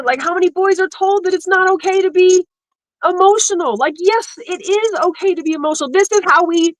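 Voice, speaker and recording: A woman's voice: extremely high pitch, brisk, no room sound, low-quality recording. A woman hosting a casual panel chat, emotional and teary, laughing between her words.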